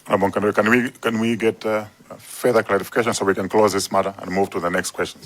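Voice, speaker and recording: A man chairing a parliamentary hearing, briskly steering the questions onward. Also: lowish voice, little pitch movement, a bit bright. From Malawi. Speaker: committee chair.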